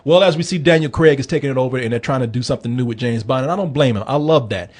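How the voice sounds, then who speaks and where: Husky, animated man reviewing a film. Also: mid-range voice, racing. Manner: animated, joking and profane. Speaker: movie review podcast host. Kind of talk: casual chat.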